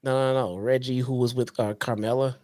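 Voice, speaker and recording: A man co-hosting a casual podcast, relaxed and slangy. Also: medium pitch, a little fast, no echo, studio quality. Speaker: podcast co-host.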